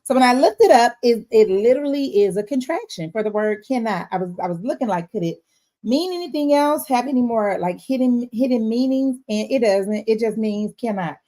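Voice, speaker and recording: A woman speaking in a casual faith-based motivational talk. Her voice sits a little high, and she keeps checking in with her listeners as she goes. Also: a little fast. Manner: expressive, frequent "all right?" check-ins.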